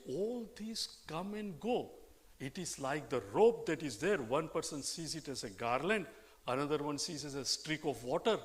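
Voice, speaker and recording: An older man giving a spiritual discourse, asking rhetorical questions and acting out little dialogues. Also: a little high. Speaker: spiritual teacher. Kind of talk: Vedanta scripture discourse.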